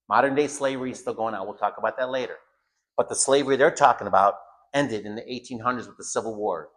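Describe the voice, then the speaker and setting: A man in the middle of an informal lesson for his students, speaking at an ordinary, mid-range pitch. His delivery is blunt and emphatic. He circles back over his own phrases to drive each point home. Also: a bit bright. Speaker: home school teacher.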